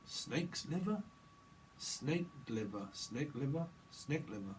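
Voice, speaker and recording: A man's voice: medium pitch, big pitch swings, takes it slowly. A man doing a casual tarot reading, rambling in playful free association and repeating words in sing-song runs. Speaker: tarot reader.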